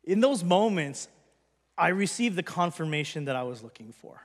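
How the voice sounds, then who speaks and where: Male pastor, high voice, earnest testimony, long hall reverb. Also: very animated, normal speed. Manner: earnest, conversational storytelling. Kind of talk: personal testimony to a congregation.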